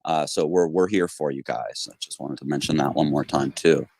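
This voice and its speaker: A man's voice: rumbling low, normal speed, gravelly, darkish tone, husky. Upbeat man hosting a podcast. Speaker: podcast host. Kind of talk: casual chat.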